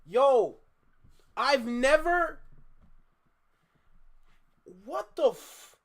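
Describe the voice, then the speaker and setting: A man's voice: very high-pitched, animated, very slow, a bit bright. A man hosting a live stream, ranting in exasperation at his viewers, repeating himself with bursts of laughter. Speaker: live-stream reaction host. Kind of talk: casual live-stream rant.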